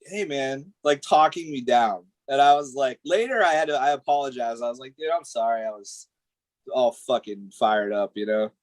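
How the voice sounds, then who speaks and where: A man in casual podcast chat as the guest, telling stories in an animated way, full of swearing and fillers. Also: mid-range voice, moderate pace, dry recording. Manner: animated storytelling, heavy swearing, frequent "like" and "dude". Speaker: guest tattoo artist.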